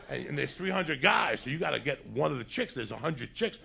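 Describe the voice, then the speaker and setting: A man doing stand-up, telling a rambling, profane story in casual talk and acting out other people's lines, a little high. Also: fast, gravelly, hardly any pauses, fairly bright tone. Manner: acts out other people's lines in put-on voices. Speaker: stand-up comedian.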